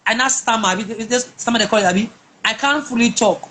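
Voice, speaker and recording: A woman's voice: a little high, fairly quick, a bit bright, slight background noise. Emphatic woman, many restarts. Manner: emphatic, with frequent repeated words and restarts. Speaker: guest. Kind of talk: personal testimony in a conversation.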